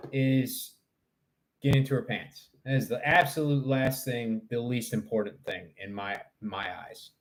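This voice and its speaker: Slow, rambling male livestreamer. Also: mid-range voice, sharp tone. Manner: rambling, crude and joking, talks to chat. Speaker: live streamer. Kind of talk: casual livestream chat.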